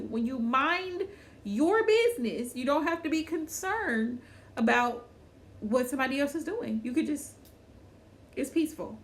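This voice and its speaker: A woman hosts a casual livestream chat, addressing viewers by name, repeating her phrases and laughing often. Her high voice is expressive and fairly bright, at a normal speed.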